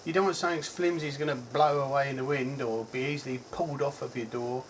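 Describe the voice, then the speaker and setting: A tech reviewer from England with a Cockney accent rambles through a casual gadget review, chatty and full of ums and self-corrections. His mid-range voice is steady in tone and fast-paced. The rough recording has a faint hiss underneath.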